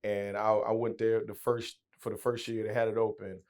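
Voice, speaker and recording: Animated man telling stories. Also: on the low side, normal speed. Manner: animated, slips into voices, restarts. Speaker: guest. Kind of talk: storytelling interview.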